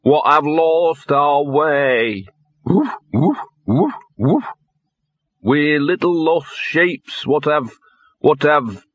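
A man's voice: mid-range voice, lively intonation, normal speed, fairly bright tone, breathy edge, no echo. A man voicing a scruffy, streetwise male talking dog with a coarse, cheeky manner in a storybook reading. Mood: drunken howling. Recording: dull lo-fi audiobook recording.

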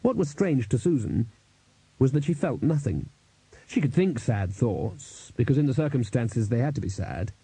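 A man narrating an audiobook in a dry, measured storytelling manner. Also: medium pitch, expressive, dark tone, slightly rough, no echo, low-quality recording.

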